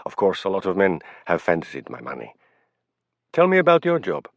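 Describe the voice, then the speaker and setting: A man's voice: deep voice, huge pitch swings, moderate pace, gravelly, dry recording, exaggerated voice. A man voicing an elegant, wealthy young woman with a slight foreign accent and a poised, charming manner, in a dull, dry recording.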